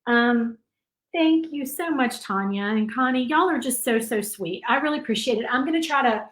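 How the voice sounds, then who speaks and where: A woman's voice: a little high, fairly quick. A woman hosting a live painting stream, chatty and full of fillers, emotional and close to tears. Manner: chatty, warm, many fillers, tearful at times. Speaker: craft channel host. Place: home craft room. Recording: echoey room.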